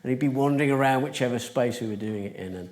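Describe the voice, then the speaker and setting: Low, mellow woman reflecting earnestly. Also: fast talker. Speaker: panel guest. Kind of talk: reflective panel discussion.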